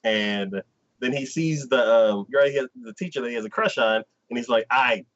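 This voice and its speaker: A man co-hosting a casual anime talk stream, retelling scenes with lively enthusiasm. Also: mid-range voice, normal speed, highs cut off. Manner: animated storyteller who acts out scenes. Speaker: co-host.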